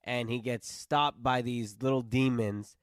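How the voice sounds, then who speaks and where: A man guesting on a podcast as a film critic, relaxed as he recaps the plot in casual chat. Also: medium pitch, measured pace, dry recording, clean studio sound.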